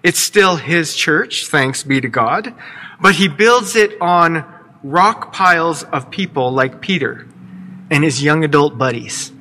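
A man's voice: fairly high pitch, expressive, slow pace, bright, forceful tone. A man pastor preaching a sermon, telling the story expressively and voicing quotes with playful asides. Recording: long hall reverb.

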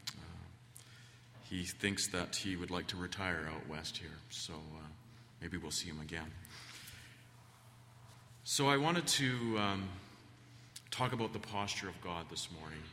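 Low-voiced man preaching in echoing church. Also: a little slow, pushed and bright, slight background noise. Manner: folksy, rambling, many fillers. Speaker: guest preacher. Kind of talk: sermon with storytelling. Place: church sanctuary. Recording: long church reverb.

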